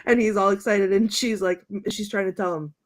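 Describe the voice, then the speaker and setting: A woman's voice: medium pitch, steady tone, brisk. A woman co-hosting a podcast, chatting casually and laughing often as she recounts quotes, sometimes acting them out in playful voices. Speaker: podcast co-host. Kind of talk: casual chat recounting favorite movie quotes.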